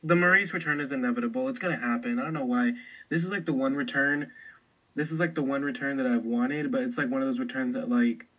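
A chatty man rambles through his opinions on a podcast, restarting his thoughts often. His voice is at a middle pitch. The recording sounds slightly dull and lo-fi. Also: quick pace, a bit bright. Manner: chatty, rambling, lots of fillers. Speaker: podcast co-host. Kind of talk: casual chat.

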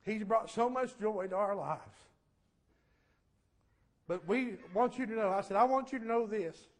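A high-voiced preacher man in mid-life delivers a fervent sermon testimony. He rides his voice up into ringing cries, then brings it down to a quiet, earnest hush. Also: unhurried. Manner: fervent, rising to shouts then dropping to a low hush.

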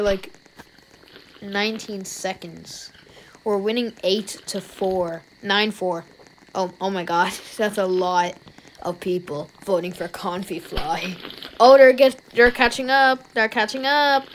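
A woman with an Irish accent giving let's-play commentary as a YouTuber, talking to herself and reacting with jumpy, excited outbursts. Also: medium pitch, slight background noise, low-quality recording. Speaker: YouTuber playing a game.

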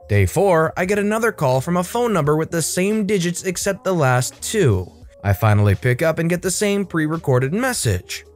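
A man narrating a first-person revenge story with an animated, up-and-down delivery. His voice sits a little high and sounds dry and close-miked, with faint music underneath.

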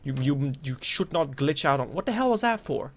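A man commentating his play of a horror game, joking and cursing, and breaking into loud frightened yelps when scared. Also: a little high, lively intonation, moderate pace. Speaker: gameplay commentator.

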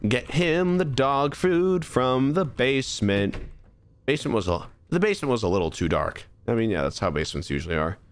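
A man's voice: medium pitch, sing-song, moderate pace. A young man streaming a horror game, chatting and joking to himself as he plays. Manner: chatty, jokey, talks to himself. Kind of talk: live gameplay commentary.

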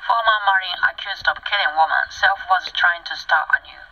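A woman's voice: fairly low pitch, a little fast, a little hiss or hum. A woman vlogger reading a news article aloud and breaking off into blunt, combative commentary full of swearing, sometimes dropping to a whisper. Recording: dry, muffled lo-fi sound.

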